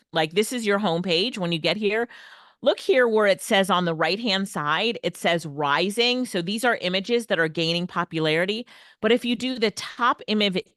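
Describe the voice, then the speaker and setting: A woman's voice: lowish voice, a bit bright, dry recording, clean studio sound. A woman presenting an online workshop on everyday AI tools, upbeat and laughing often. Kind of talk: online tech lesson. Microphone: headset or desk mic, video call.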